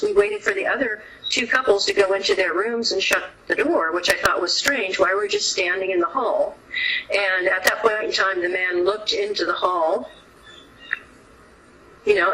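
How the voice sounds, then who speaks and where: A woman's voice: mid-range voice, pushed and bright, rough recording. A middle-aged woman, a whistleblower guest, recounting a personal story in long runs with restarts and quoted dialogue. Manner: narrates in long runs with restarts, quoting others' words.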